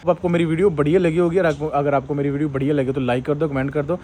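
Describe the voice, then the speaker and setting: A man's voice: fairly high pitch, level tone, dark tone, a little hiss or hum. A man with an Indian accent hosting a playful fitness vlog, teasing his friend and calling him bro. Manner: rapid, playful, teasing, says bro a lot. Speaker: fitness vlogger. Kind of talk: joking bilingual vlog chat. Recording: roomy sound from far off.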